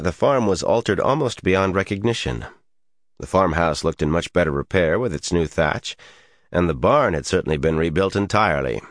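A man with a very deep voice reads a fantasy audiobook, his pitch rising and falling in a lively way. The recording is dry and close. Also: no room sound. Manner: expressive storytelling. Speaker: narrator. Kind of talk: audiobook narration.

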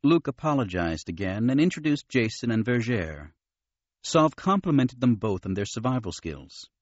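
A man reading an audiobook in an expressive narrating style. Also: medium pitch, moderate pace, dry recording, dull audio. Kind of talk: scripted narration.

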